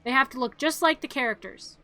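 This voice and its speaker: A woman streamer in a casual, animated rant, exasperated and laughing between complaints. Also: high voice, a little fast, faint music behind.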